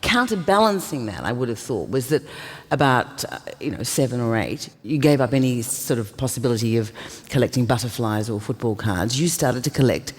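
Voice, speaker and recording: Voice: medium pitch, expressive, fairly quick, slightly rough. An interviewer asking wry, set-up questions in a live on-stage interview. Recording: live theatre hall reverb.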